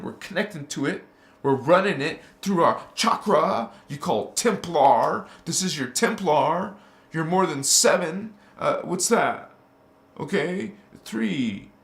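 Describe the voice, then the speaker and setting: A man's voice: on the high side, a bit bright, roomy sound. A man hosting a live spiritual teaching, exhorting listeners fervently with slang mixed in, then guiding a visualization. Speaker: spiritual channel host.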